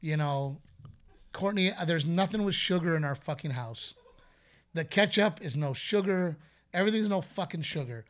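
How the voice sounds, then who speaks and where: A man co-hosting a podcast in casual chat, a joking, animated storyteller who swears freely. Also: on the high side, normal speed. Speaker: podcast co-host.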